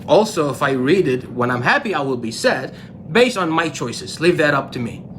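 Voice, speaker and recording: A man voicing a troubled king who pleads for help, in a lively spoken story. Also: on the high side, moderate pace, a little hiss or hum. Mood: earnest. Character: worried king, male, middle-aged, restless.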